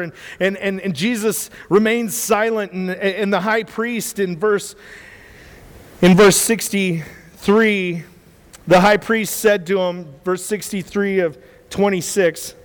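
Sex: man. Role: preacher. Style: animated sermon storytelling with frequent restarts. Pitch: high for a man. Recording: long hall reverb.

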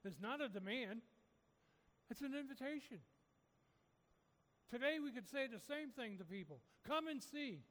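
A man's voice: very high-pitched, expressive, moderate pace, long pauses, a bit bright, long reverb tail. A man preaching a sermon, urging his listeners with repeated, rising calls. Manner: repetitive, rising exhortation.

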